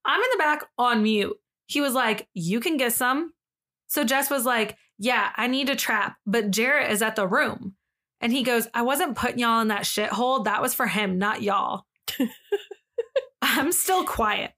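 A woman with a somewhat high voice co-hosts a casual podcast. She reads a story thread aloud in an animated, slangy retelling. She breaks into laughter often as she goes. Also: unhurried. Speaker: podcast co-host.

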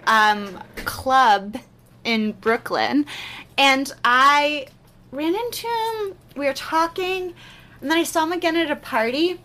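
A young woman chats on a podcast, spilling a story with lively asides and frequent swearing. Her voice sits high and bright. She sounds relaxed in a studio setting. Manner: animated, swearing, quick asides. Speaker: podcast host. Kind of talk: casual storytelling chat.

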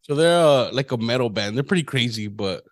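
A man's voice: mid-range voice, expressive, fairly quick, no room sound. A Mexican American man hosting a casual interview, laid-back and jokey with lots of slang. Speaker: podcast host.

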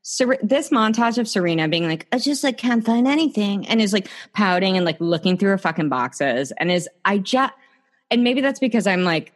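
A woman co-hosting a podcast in casual chat, animated, swearing freely and acting out scenes. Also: medium pitch, moderate pace. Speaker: podcast co-host.

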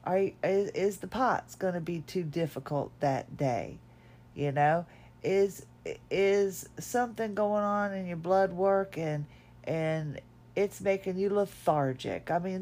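A middle-aged woman hosting a podcast, talking in a reflective personal monologue, tired, emotional and halting, with many restarts, recorded at home. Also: mid-range voice, darkish tone. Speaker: podcast host.

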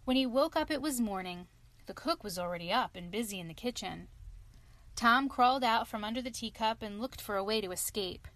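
Woman, storybook narration, expressive read-aloud, higher voice, dry close sound. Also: a little fast, dry recording.

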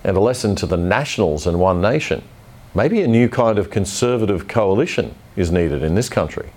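A low-voiced man hosts a news commentary show. He is blunt and opinionated, delivering a scripted script with an easy, direct authority. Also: animated, brisk, darkish tone.

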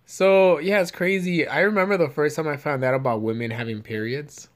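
A man's voice: a little high, a little fast. Rambling, profane young man chatting. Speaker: podcast co-host. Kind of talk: casual chat.

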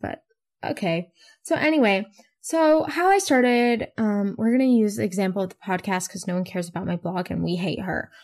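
A woman's voice: medium pitch, normal speed, darkish tone. A teenage girl hosting her own podcast, rambling in a bubbly, self-mocking way and swearing casually. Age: teens. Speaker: podcast host. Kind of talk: casual solo podcast chat.

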